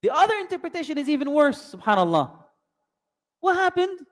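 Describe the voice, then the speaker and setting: A man's voice: very high voice, sing-song, fairly quick. A man giving a religious lesson as a storyteller, asking many rhetorical questions and mixing in Arabic terms. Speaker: Islamic teacher. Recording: long hall reverb.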